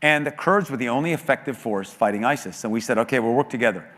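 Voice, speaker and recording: A man's voice: medium pitch, quick pace. Earnest American man in an echoing hall. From United States. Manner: earnest, emotional, animated storytelling with quoted voices. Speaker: guest speaker at a church. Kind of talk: storytelling talk. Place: large church auditorium. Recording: long hall reverb.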